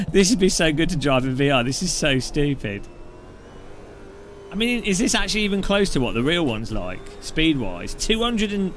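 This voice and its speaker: Man, casual gameplay commentary, joking and rambling, fairly high voice, faint background noise. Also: a bit bright. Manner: chatty, laughing, rambling jokes with many restarts. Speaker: sim racing video host.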